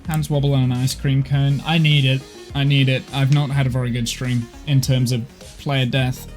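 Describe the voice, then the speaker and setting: Man, game streamer, tired, self-deprecating, casual rambling chat, mid-pitched voice. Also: level tone, normal speed, soft background music. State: tired, overheated. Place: home office.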